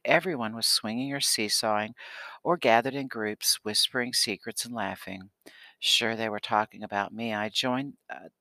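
Male storybook reader: bright, forceful tone, measured delivery, dry close sound. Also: fairly low pitch, dry recording. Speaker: audiobook narrator. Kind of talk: scripted first-person story narration.

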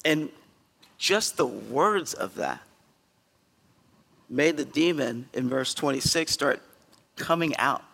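A male pastor giving a conversational sermon in a church, earnest and emphatic, with sudden loud bursts. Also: mid-range voice, animated, slow, creaky, long pauses, long reverb tail. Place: church sanctuary.

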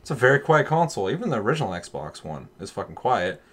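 A man's voice: fairly low pitch, sing-song, quick pace. A man in casual chat on a gaming podcast, talking animatedly, swearing freely and acting out voices in his stories.

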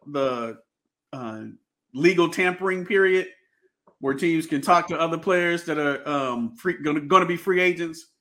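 A man's voice: a little high, fairly bright tone. A man hosting a casual sports podcast, talking with many fillers and restarts and laughing often. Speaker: podcast host.

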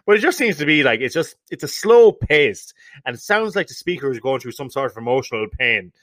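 Giggly rambling Irish man, bright tone. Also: medium pitch, big pitch swings, fairly quick. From Ireland. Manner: rambling, laughing, swearing, doing silly vocal noises. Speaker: podcast co-host. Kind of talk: casual banter.

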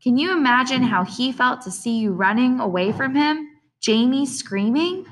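A woman's voice: high voice, animated, moderate pace, voice pushed up. A firm, caring mother scolds her sons in a storybook, earnest and disappointed. A woman voices her. She speaks plainly, with a lecturing edge. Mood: scolding.

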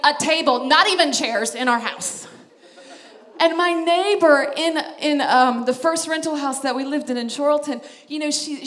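High-pitched woman, 30s, sharing a church testimony, laughs a lot, gets soft when emotional. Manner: animated storyteller, laughs often, drops to soft emotional tones. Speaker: missionary speaker. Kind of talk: personal testimony talk.

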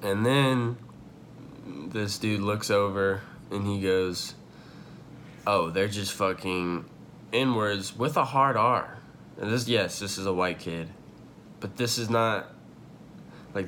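At home, a young man tells a long personal story in a casual, rambling way, heavy with fillers, many likes, and swearing. His voice is low and a bit bright, with a little hiss or hum in the recording.

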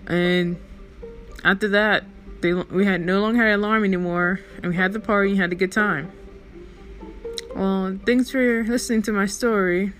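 A woman's voice: medium pitch, normal speed, faint music behind. A woman hosting her own show, telling a personal story in a casual, rambling way. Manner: chatty, rambling, animated in recounting. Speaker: storyteller host.

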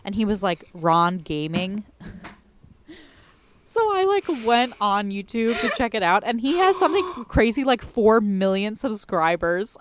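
A woman's voice: fairly high pitch, big pitch swings, unhurried, a little hiss or hum. A woman casually telling playful stories about online games, acting out what people said. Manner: storytelling, playful, acts out quotes. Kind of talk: casual chat.

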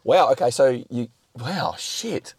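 A man's voice: medium pitch, expressive, slow, darkish tone, breathy edge, dry recording. A man hosting a podcast, asking short, casual questions and reacting briefly. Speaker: podcast host.

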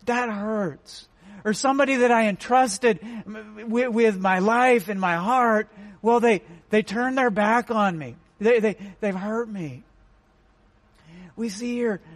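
A man's voice: very high voice, no room sound. A man pastor giving a sermon in an earnest, plain way, often repeating words for emphasis.

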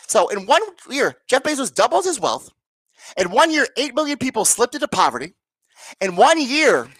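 A woman's voice: fairly high pitch, fairly bright tone, dry recording. A woman ranting to her viewers as a political commentator, sarcastic, profane and exasperated. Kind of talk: angry political rant to viewers.

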